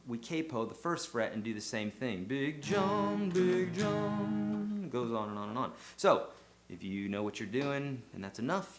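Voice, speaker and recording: A man teaching a casual guitar lesson, chatty and encouraging, counting beats aloud as he goes. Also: medium pitch. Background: his own acoustic guitar playing.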